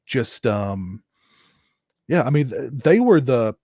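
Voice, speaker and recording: A man's voice: mid-range voice, big pitch swings, slow, a little mellow, husky, no echo, studio quality. A young man chatting as a podcast guest, rambling with many restarts. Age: young adult. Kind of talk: casual chat.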